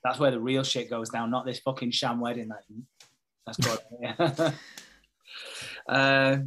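A man in casual conversation, retelling a TV episode scene by scene. He swears freely and slips into quick impressions of the characters as he goes. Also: medium pitch, steady tone, a bit bright, a little hiss or hum. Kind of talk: casual chat recapping a TV episode.

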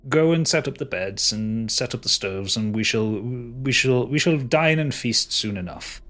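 A man voicing a formal, gracious older male cult leader who speaks with halting restarts in a tabletop game. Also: mid-range voice, expressive, fairly bright tone, faint music behind.

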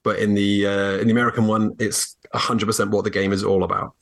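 A man's voice: fairly low pitch, level tone, quick pace, creaky. A man from England, guest co-host on a podcast, who laughs often and explains at length with fillers. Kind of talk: casual podcast chat.

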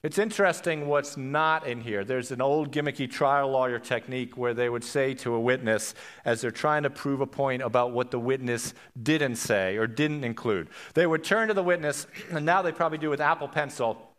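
A man preaching a sermon in a conversational way, swinging between loud emphasis and quiet, low passages. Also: normal speed. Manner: acts out quoted voices in asides. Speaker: pastor.

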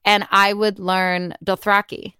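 A woman's voice: mid-range voice, level tone, takes it slowly, sharp tone, clean tone, dry recording. A woman co-hosting a podcast in casual chat, teasing with dry comebacks. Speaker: podcast co-host.

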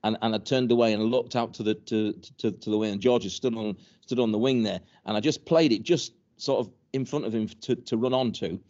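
Older bloke rambling through footy stories, lots of restarts, lo-fi muffled audio. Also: male voice, on the low side, brisk, few pauses, a little mellow. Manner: rambling, many restarts and repeated words, chuckling. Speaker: former professional footballer guest. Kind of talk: casual storytelling interview. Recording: dull lo-fi recording.

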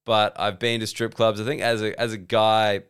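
A man's voice: lowish voice, little pitch movement, moderate pace, a bit bright, clear, resonant tone. A man with an Australian accent, a comedian hosting a solo podcast, rambling and self-deprecating, swearing freely. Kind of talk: solo casual podcast monologue.

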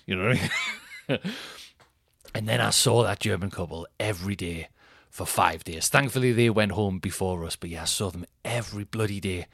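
A man in his thirties, a comedian hosting a podcast, telling a rambling, sweary, animated anecdote. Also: lowish voice, fairly quick, gravelly, dry recording, studio quality. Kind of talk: casual storytelling.

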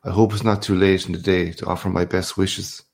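A man voicing a hearty, swaggering journalist in a storybook reading, gravelly and expansive. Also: low voice, level tone, a little fast. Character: boastful worldly Irish journalist, man, middle-aged.

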